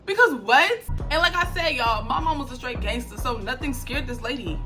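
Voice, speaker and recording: A young woman telling a story to her viewers in a casual, slangy, animated way. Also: sits high, normal speed. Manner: animated, slangy, frequent laughs and acted quotes. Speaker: storytime vlogger. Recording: background music under the voice.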